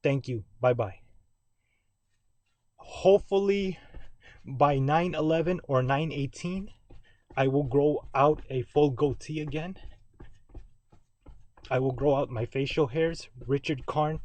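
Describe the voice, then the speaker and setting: A man's voice: fairly high pitch, takes it slowly, long pauses, a little mellow. A man recording a rambling, ranting video message from his basement at home, repeating and correcting himself as he goes. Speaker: vlogger. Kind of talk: direct-to-camera video message.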